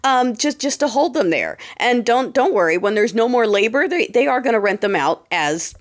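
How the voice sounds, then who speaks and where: Sassy, animated woman podcast host. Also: a little high, normal speed. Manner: sassy, animated, sarcastic, mocking quoted voices. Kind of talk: casual political commentary monologue.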